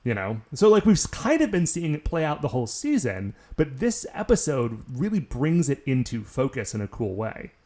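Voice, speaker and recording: Lively rambling man podcaster. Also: medium pitch, normal speed, hardly any pauses. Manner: rambling, lots of filler words. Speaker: podcast co-host. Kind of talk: casual chat.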